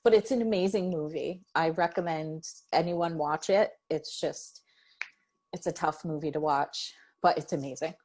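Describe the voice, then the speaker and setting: A woman's voice: low voice, normal speed, darkish tone. A young adult woman co-hosting a podcast, telling a story in a chatty way, full of "like". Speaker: podcast co-host. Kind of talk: casual chat.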